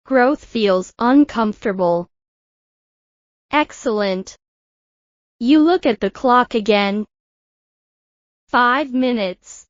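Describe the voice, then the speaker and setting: A woman English teacher leads a calm speaking drill, her instructions measured and soothing. She speaks extremely slowly in a slightly high voice. The sound is dry and a little dull, like a lo-fi recording. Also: no room sound.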